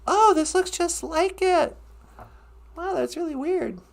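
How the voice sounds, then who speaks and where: A woman's voice: very high-pitched, takes it slowly, vocal fry. A woman co-hosting a casual, playful podcast, goofing around and making beeping computer noises. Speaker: podcast co-host.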